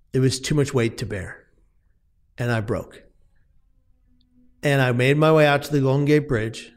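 A man speaking as an interview guest, telling a personal story earnestly and with emphasis, often restarting his words. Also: mid-range voice.

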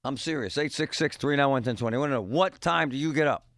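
A man's voice: mid-range voice, fast, a bit bright. A middle-aged man hosting a radio show, rambling and joking in a casual monologue with punchy exclamations.

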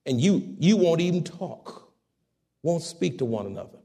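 A man delivers a sermon in a gravelly, slightly higher voice. His pitch swings widely as he moves from fervent, ringing exhortation to quiet, low-spoken asides. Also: sing-song, normal speed. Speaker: preacher.

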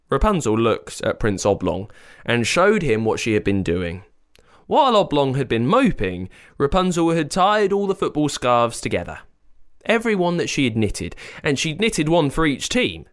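Playful, animated man telling a story. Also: mid-range voice, normal speed. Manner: playful, expressive. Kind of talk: children's story narration.

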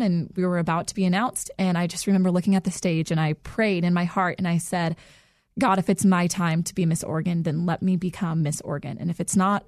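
A woman's voice: lowish voice, no room sound, studio quality. A young woman answering interview questions in an earnest, heartfelt way, laughing lightly between sentences. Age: young adult. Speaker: guest. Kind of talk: interview answers, personal story.

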